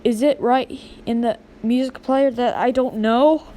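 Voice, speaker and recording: Woman doing hot-tempered boy, whiny, high voice, slow delivery, homemade cartoon skit. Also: fairly even intonation, slight background noise, lightly acted. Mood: grumpy. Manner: whiny, shouting when frustrated. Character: hot-tempered boy hunting his lost toy. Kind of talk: homemade animated skit voicing.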